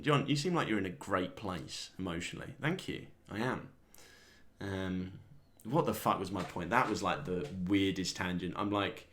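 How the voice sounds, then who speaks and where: A man with a very low, deep voice talks through a wandering comic monologue. He is sardonic and self-deprecating, and he chuckles at his own jokes between the tangents. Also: a bit bright. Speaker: comedian host. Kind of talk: rambling solo monologue.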